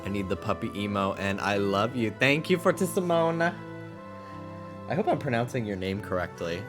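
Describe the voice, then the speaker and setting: A man's voice: on the low side, animated, moderate pace, over music. A man streaming a video game who chats casually and coos baby talk at his dogs. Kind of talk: casual live-stream chat while gaming.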